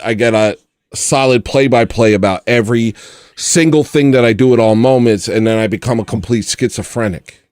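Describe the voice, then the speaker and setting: A male livestream host rambling in sarcastic, deadpan chat. His voice sits at a middling pitch, recorded close and dry. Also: clean tone, no room sound.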